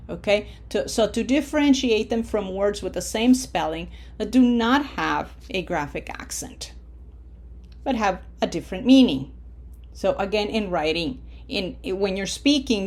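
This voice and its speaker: A woman leads a Spanish pronunciation lesson at an unhurried pace. She explains step by step in a mid-range voice and keeps checking in with her students as she goes. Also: medium pitch, darkish tone. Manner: patient, repeats "okay?" often, models words slowly. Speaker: Spanish teacher. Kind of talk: classroom lesson.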